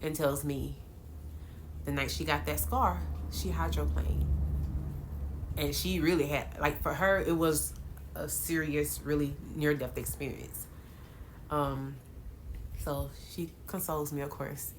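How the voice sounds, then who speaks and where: A woman's voice: low voice, measured pace, long pauses, slight background noise. A woman vlogger, casually telling her viewers a dramatic story, with lots of laughs. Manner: animated, dramatic retelling with laughs.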